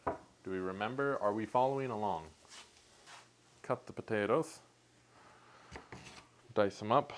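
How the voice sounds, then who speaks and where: A man's voice: on the low side, slight background noise. Joking man cooking in his kitchen. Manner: joking, mock-confident, rambling, self-mocking. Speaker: home cook vlogger. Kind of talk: casual cooking vlog. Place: home kitchen.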